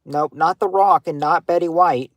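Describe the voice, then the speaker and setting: A man hosting a casual livestream game night, giving clues to players in a halting way, full of ums and restarts. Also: fairly high pitch, no room sound, muffled recording. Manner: halting, hunts for words with many fillers; gives clues to players, talks to chat.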